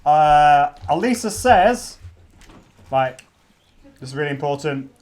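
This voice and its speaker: A man's voice: fairly high pitch, lively intonation, takes it slowly, a little mellow. A middle-aged man hosting a live stream launch party, chatty and prone to restarts. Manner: chatty, restarts often, interrupted by kids. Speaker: podcast host. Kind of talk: casual livestream talk.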